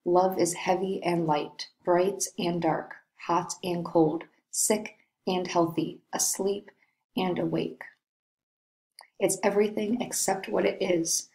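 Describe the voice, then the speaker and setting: A woman reading the part of a brooding, lovesick young nobleman in a play, in a slow, dreamy way. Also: fairly low pitch, steady tone, a little mellow, rough recording. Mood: melancholy.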